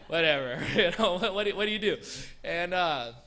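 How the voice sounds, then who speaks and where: A man's voice: high-pitched, expressive, a little slow, bright, forceful tone. A young man, a guest missionary, telling a church congregation a personal story in a conversational, self-deprecating way, full of fillers and restarts. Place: church sanctuary.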